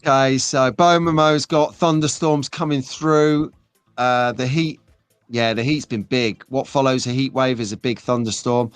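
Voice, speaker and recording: A man's voice: mid-range voice, steady tone, a little slow, smooth, dry recording, soft background music. A man hosting a live stream, chatting in a rambling, jokey way while reading out viewer comments. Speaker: host.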